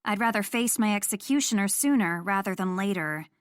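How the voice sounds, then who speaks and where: A woman's voice: mid-range voice, expressive, brisk, clean tone, dry recording, studio quality. A young woman narrating a first-person romance audiobook in an intimate storytelling manner.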